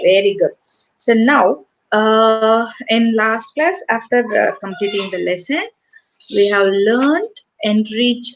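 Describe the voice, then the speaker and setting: Slow, coaxing woman teacher. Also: on the high side, low-quality recording. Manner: slow, coaxing, repeats questions to children. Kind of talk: online class lesson to children. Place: home or small room, online class.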